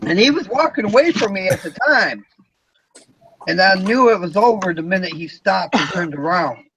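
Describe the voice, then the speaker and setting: Man with a fairly high voice, plain storytelling. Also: expressive, normal speed. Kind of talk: casual storytelling chat. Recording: faint background noise.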